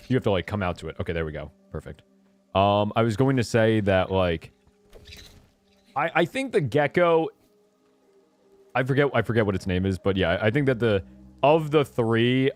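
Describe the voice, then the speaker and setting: A young man streaming a video game, chatting casually, often interrupting himself and breaking into laughter and excited high squeals. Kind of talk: casual gameplay commentary.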